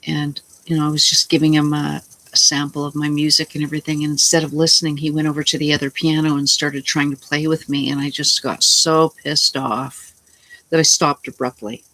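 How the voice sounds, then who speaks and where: A woman's voice: deep voice, level tone, a little fast, sharp tone, dry recording, rough recording. A middle-aged woman who is unwell, telling a long, rambling, indignant story in a casual vlog and acting out her own lines. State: unwell, tired. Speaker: vlogger.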